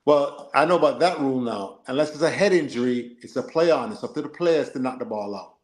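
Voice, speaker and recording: A man co-hosting a football live stream, reading and answering chat in an animated, joking way. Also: mid-range voice, a little fast, echoey room. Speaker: livestream co-host.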